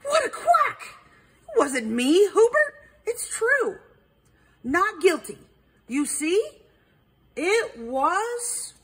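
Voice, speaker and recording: A woman voicing an indignant female duck in a storybook read-aloud, protesting in a squeaky voice. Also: sing-song, very slow, long pauses, heavily acted.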